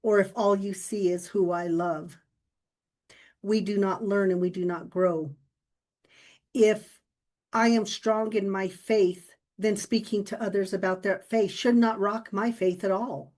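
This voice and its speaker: A woman co-hosting a podcast, telling personal stories in a relaxed, reflective way and laughing often. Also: mid-range voice, measured pace. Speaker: podcast co-host. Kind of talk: casual conversation.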